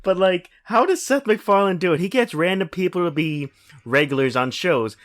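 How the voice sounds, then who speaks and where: A man's voice: high voice, animated, moderate pace, fairly bright tone. A man co-hosting a podcast, chatting casually with jokey asides. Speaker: podcast co-host. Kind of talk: casual chat.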